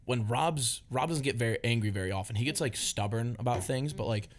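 A man's voice: mid-range voice, fairly quick. Young male podcast host, casual rambling storyteller, mid-range voice. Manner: rambling storyteller, heavy filler words. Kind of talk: casual chat.

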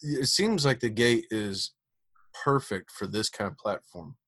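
A man's voice: on the low side, lively intonation, a little slow, a bit bright, slightly rough, no echo. A man hosting a podcast interview, upbeat and casual, with frequent fillers and laughter. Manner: upbeat, hesitant with many fillers, laughs often. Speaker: podcast host.

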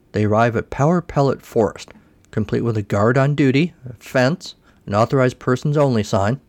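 A man's voice: mid-range voice, darkish tone, no room sound. A man hosting a podcast, recapping a cartoon special in a casual way with wry, sarcastic asides. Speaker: podcast host.

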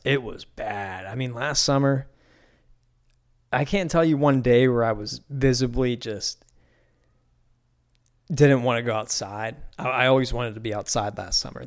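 A man's voice: medium pitch, gravelly. A young man from Pittsburgh hosting a solo podcast, talking loosely and profanely with lots of restarts. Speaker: podcast host. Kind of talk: casual solo podcast rant.

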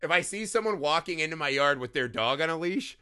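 Bright, animated man telling stories. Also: on the high side, fairly quick, clear, resonant tone. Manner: animated storyteller, swears freely, laughs often. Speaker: podcast co-host. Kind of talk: casual podcast chat.

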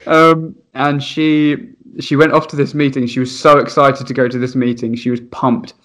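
A young man, a primary school teacher, telling funny stories in casual chat, animated and laughing, acting out voices. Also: medium pitch, moderate pace. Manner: animated, laughing, acts out voices in his anecdotes.

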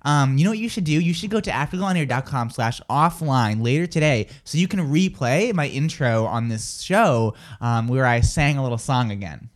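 A man hosting live morning radio banter in a studio, teasing and animated, often leaping into high exclamations. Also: a little fast, hardly any pauses. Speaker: radio show host.

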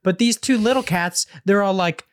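A man's voice: high voice, moderate pace, clear, resonant tone. A man co-hosting a podcast, telling a rambling, profane story in casual chat. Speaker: podcast co-host.

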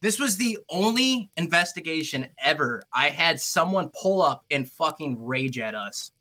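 Man, vivid bright tone, slightly high voice, casual swearing storyteller. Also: lively intonation, measured pace. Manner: swears freely, says "dude" a lot. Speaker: guest paranormal investigator.

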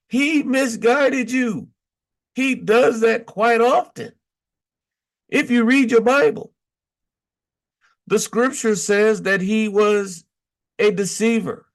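A man preaching an exhortation, reading scripture aloud and explaining it with emphatic repetition and frequent checks of "Okay?". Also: sits high. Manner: emphatic, repeats points with "Okay?".

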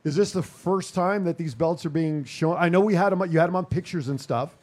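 A man's voice: on the high side, brisk, a little mellow. A man hosting a live studio stream, joking, laughing and plugging events in a casual chat. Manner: jokey, laughing, hypes and plugs events. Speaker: host.

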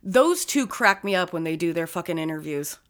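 A woman chatting casually, animated and swearing freely as she acts out funny stories. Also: fairly low pitch, moderate pace. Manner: animated storyteller, swears often, acts out quotes. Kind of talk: casual chat.

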